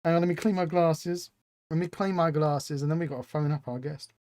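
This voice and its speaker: A man's voice: on the high side, steady tone, brisk, a little mellow, dry recording, clean studio sound. A man hosting a live stream, chatting casually and reading out chat with self-mocking humor. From England.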